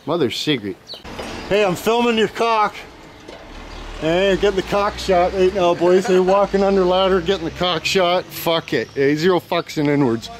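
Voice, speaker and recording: A man's voice: high voice, moderate pace, slight background noise. A young man, filming friends outdoors and joking in crude, profane banter. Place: outdoors at a house. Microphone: handheld camera.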